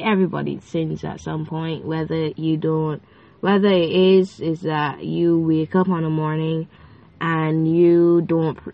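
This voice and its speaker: Woman, podcast host, casual faith talk, rambling, chatty, lower voice, lo-fi phone sound. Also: vocal fry, a little mellow. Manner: chatty, rambling, with frequent fillers and playful asides. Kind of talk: casual faith-based monologue.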